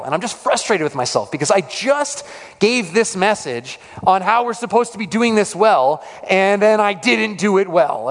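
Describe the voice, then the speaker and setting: A man gives a chatty sermon to his congregation, telling a story with plenty of fillers and restarts. His voice sits high for a man. The sound rings with the long reverb of a church hall. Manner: conversational, lots of fillers and restarts. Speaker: preacher.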